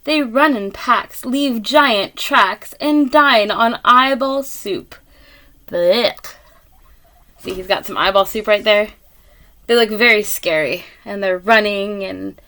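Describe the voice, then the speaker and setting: Taking it slowly in a medium-pitched voice, a woman reads a picture book to kids. Her reading is soft and expressive, punctuated by gasps and small remarks directed at her audience.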